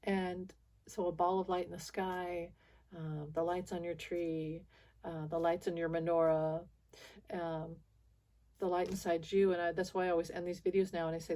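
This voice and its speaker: Woman vlogging to her viewers, kinda low voice, rambly and frustrated, keeps restarting. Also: level tone, moderate pace, mellow. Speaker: spiritual video channel host. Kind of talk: casual monologue to viewers.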